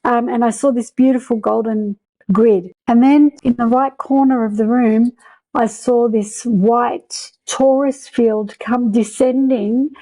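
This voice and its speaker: A woman's voice: a little high, fairly even intonation, slow, rough recording. A woman, an interview guest earnestly and reflectively recounting a near-death experience. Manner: earnest, reflective storytelling with soft laughs.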